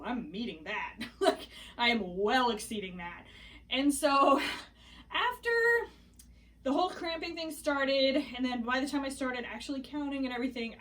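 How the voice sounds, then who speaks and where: A young pregnant woman telling a story in a casual vlog, chatty and animated, laughing often and hiccuping now and then. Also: fairly high pitch, distant mic. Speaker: vlogger.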